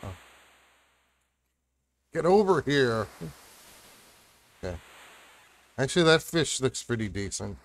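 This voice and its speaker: A man's voice: mid-range voice, sing-song, slow, pauses often. A man giving casual commentary as he plays a video game, muttering and grumbling at what happens on screen. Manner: mutters and grumbles while playing. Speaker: let's play host.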